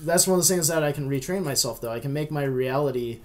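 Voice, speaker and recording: A man's voice: on the high side, fast. A man co-hosting a podcast in casual chat, thoughtfully explaining ideas at length. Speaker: podcast co-host.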